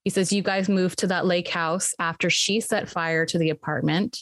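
A woman on a podcast casually retelling a film's plot, acting out the characters' lines with sudden pitch jumps. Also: moderate pace, dry recording. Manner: animated storytelling, acting out quotes with jumps in pitch. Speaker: podcast co-host recapping a film.

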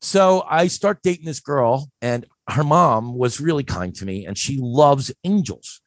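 A man in his fifties from Philadelphia, telling a story in a casual, animated way and acting out the voices in it. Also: mid-range voice, unhurried, no room sound, clean studio sound. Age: 50s. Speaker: guest.

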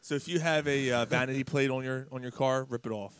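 Profane, animated male podcast host, dry mic. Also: mid-range voice, fast, smooth, no room sound. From Philadelphia area. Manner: profane, animated storyteller, shouts out quoted lines. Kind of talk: casual chat, storytelling.

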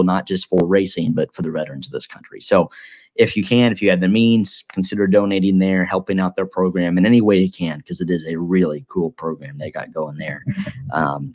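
A man's voice: low-pitched, darkish tone, dry recording. A young man hosting a podcast, chatting casually in a joking, rambling way. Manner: joking, rambling, self-deprecating. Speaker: podcast host. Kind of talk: casual chat.

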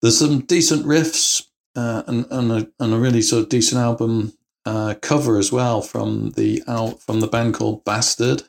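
An English man giving a casual album review as a guest, speaking in a measured way with hesitations and restarts. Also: mid-range voice, steady tone, vocal fry.

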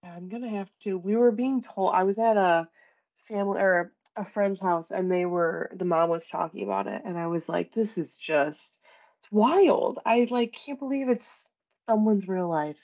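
A young woman chats on a podcast, spinning animated stories full of "like" and quick asides. Her voice sits at an ordinary pitch. The audio sounds a little dull and lo-fi. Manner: chatty, animated storytelling with many fillers. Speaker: podcast co-host. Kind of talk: casual chat.

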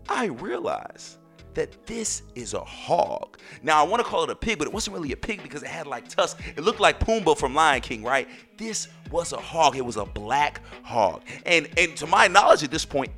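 Lively, bright-voiced male podcast host. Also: a little high, vocal fry. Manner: animated, exclaiming storyteller. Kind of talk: casual storytelling.

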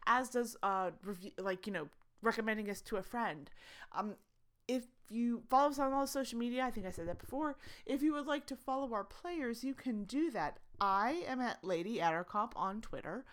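A woman's voice: a little high, normal speed. Chatty woman hosting a tabletop podcast. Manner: chatty and rambling, with many fillers and restarts; eager, pleading with listeners for support. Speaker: podcast host and game master. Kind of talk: casual podcast announcements.

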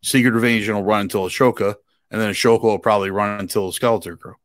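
An easygoing man talking casually as a podcast co-host, relaxed and quick to agree. His voice runs a bit low. The sound is dry and close to the mic. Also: no room sound. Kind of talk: casual chat.

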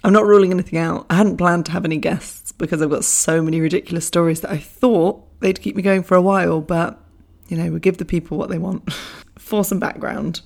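A young woman hosting a podcast, talking casually with a hoarse, croaky voice from losing it, chatty and self-mocking, laughing often. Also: on the low side, a little mellow. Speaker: podcast host. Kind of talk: casual solo podcast chat.

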